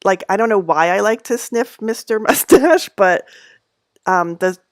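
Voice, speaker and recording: A woman's voice: unhurried, no echo, clean studio sound. A middle-aged woman chatting casually at home on a livestream, rambling with many fillers and small laughs. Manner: coos in a high voice at her cats. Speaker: knitting channel host.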